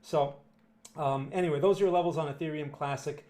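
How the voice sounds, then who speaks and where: Man, New Jersey accent, fairly high voice, emphatic live-stream chart talk, blunt. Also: a little fast, dark tone. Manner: emphatic, blunt, repeats "right?" and "okay?". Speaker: market analyst answering viewer questions.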